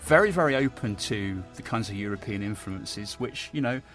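A man's voice: lowish voice, lively intonation, moderate pace, fairly bright tone, soft background music. A man hosting a casual discussion, talking in an enthusiastic, digressive way.

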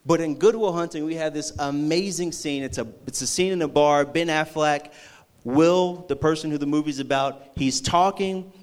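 A man preaching a sermon, acting out a movie scene with energy before turning slow and earnest. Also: fairly high pitch. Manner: slows and softens into earnest preaching. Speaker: youth pastor.

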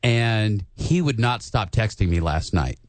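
A man's voice: on the low side, animated, unhurried. A man co-hosting a radio show in a studio, telling stories with enthusiasm and frequent laughs. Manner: enthusiastic storyteller, laughs often. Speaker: radio co-host. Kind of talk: casual studio banter.

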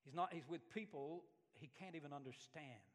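Here the Alabama pastor's pitch is on the high side and his speed normal as he preaches. He brings his stories to life by acting out voices, and the recording has a big-room sound.

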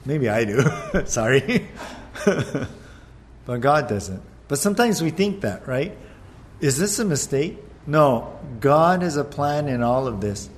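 Man, pastor preaching, animated storyteller, mid-pitched voice. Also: slow, a little hiss or hum. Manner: animated storytelling, acts out the disciples' shouts. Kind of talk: sermon.

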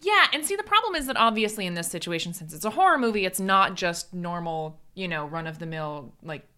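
A woman with a bright, forceful voice talks through a film plot with a co-host in casual podcast chat. She is wry and chatty, full of asides and fillers. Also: lowish voice, animated, brisk, smooth.

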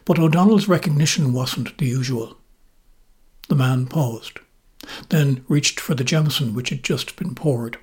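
A man with an Irish accent, hosting a podcast and narrating memoir stories in a measured, gently wry manner. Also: medium pitch, slightly rough. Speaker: podcast host and storyteller.

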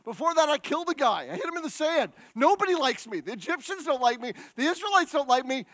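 A man voicing Moses as a flustered, doubtful old shepherd, talking in a halting, incredulous, exasperated way. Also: very high voice, very animated, a bit bright, heavily acted.

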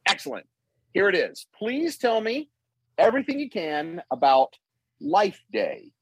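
A young woman running a podcast quiz with lower, lively pitch and a slightly breathy voice. She teases her guests with mock formality. The sound is dry and close. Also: a little slow, no room sound. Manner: teasing, mock-formal quizmaster. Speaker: podcast host and quizmaster. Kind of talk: casual chat.

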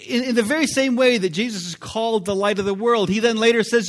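A middle-aged male pastor delivers a sermon in a loose, conversational way, with fillers like "uh" and "you know." His voice sits a little high for a man, and he leans hard into key phrases with sudden bursts of emphasis. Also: quick pace, hardly any pauses.

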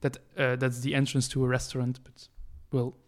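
A man's voice: mid-range voice, completely flat delivery, normal speed. A man, a podcast co-host chatting casually, hesitant with many fillers and restarts. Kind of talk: casual chat.

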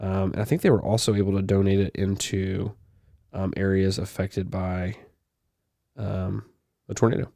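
A young man co-hosts a casual podcast, reading news items aloud and stopping for loose asides. His voice sits a little low and mellow in tone. The sound is close and dry. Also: little pitch movement, normal speed, creaky, dry recording. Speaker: podcast co-host.

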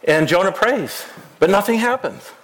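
A man's voice: high voice, expressive, moderate pace, a bit bright, rough recording. A man serving as pastor, telling a Bible story to children during a service and coaxing them to act it out. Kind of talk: children's sermon, interactive storytelling. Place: church sanctuary.

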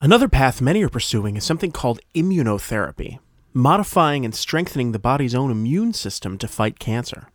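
Male narrator, scripted science voice-over, animated pitch, dry booth sound. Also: brisk, no room sound.

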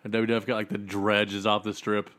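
A man's voice: lowish voice, completely flat delivery, brisk, a bit bright. A man co-hosting a casual podcast, reacting with dry, exasperated swearing. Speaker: podcast co-host. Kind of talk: casual chat.

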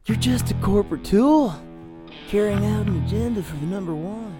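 A man voicing a nervous man with a secret who is also a ranting protester, in a comedic script read-through, stammering and yelling. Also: high-pitched, expressive, normal speed, music in the background. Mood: accusing. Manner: stammering, then shouting slogans.

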